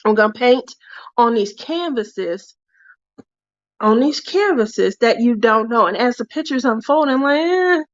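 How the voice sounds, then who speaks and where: A chatty woman hosts a crafting livestream, spinning stories and laughing often in a slightly high voice. The sound is dull and lo-fi, and it is dry and close. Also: lively intonation, a little slow, no room sound. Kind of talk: casual chat while crafting.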